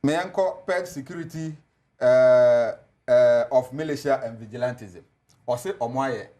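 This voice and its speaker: A man with a Ghanaian accent argues his side on a televised political panel. He pushes back hard and laughs off the claims of the other side, with a voice of middling pitch. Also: unhurried, dark tone. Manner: combative, laughs at opponents' claims. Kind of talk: political debate on TV, mixing Twi and English.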